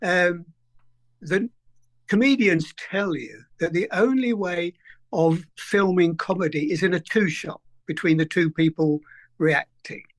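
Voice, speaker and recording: A man's voice: sits high, a little slow. An older man, a film editor being interviewed, telling anecdotes in a conversational way and acting out the quoted lines.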